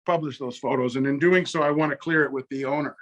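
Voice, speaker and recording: A man's voice: mid-range voice, fairly even intonation, fairly bright tone. A middle-aged man telling a long, profane story in casual conversation, acting out both sides of phone calls. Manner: profane, rapid anecdotes with quoted back-and-forth. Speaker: guest.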